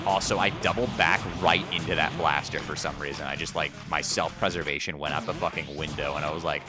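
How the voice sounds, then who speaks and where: A young man streaming a game, chatting casually, laughing and swearing excitably. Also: very deep voice, brisk, hardly any pauses, over music. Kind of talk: casual live-stream chat while gaming.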